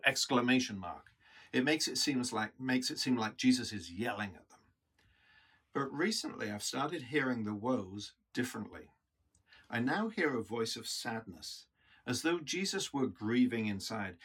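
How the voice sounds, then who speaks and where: Husky-voiced man preaching earnestly. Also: mid-range voice, animated, normal speed, fairly bright tone. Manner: earnest, reflective teaching. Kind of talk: reflective sermon.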